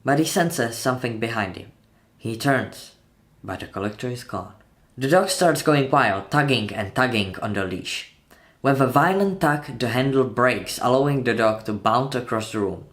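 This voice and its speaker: A man's voice: mid-range voice, lively intonation, moderate pace, a bit bright. A man retelling a horror film scene by scene in a tense, dramatic narration, voicing the sound effects himself. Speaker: channel host narrating a film breakdown.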